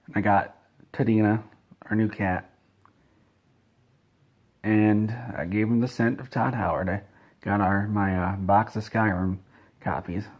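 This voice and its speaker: Low, husky man telling a deadpan tale. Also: highs cut off. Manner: deadpan, rambling with self-corrections. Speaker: comedic storyteller. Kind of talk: absurd comedic story told straight-faced.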